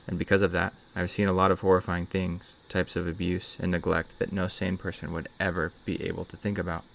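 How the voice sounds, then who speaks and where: Deep voiced guy reading a creepy reddit-style story, slow and dramatic. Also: vocal fry. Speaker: host, story reader. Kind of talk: scripted horror story narration.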